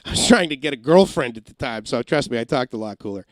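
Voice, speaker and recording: Middle-aged guy rambling on a livestream, pitch jumping all over, dry close mic. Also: lively intonation, fast talker, dry recording. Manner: rambling storyteller who slips into comic impressions. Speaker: live streamer and former radio engineer. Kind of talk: casual livestream chat. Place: home in Massachusetts.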